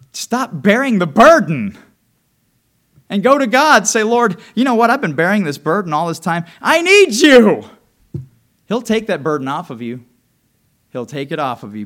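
A middle-aged male pastor preaching a sermon, swinging from loud declarations to hushed, intimate asides. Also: medium pitch.

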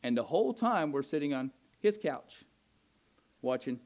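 High-voiced preacher man, fervent sermon. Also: very animated, moderate pace. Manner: grows loud and heated when voicing God's anger. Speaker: pastor.

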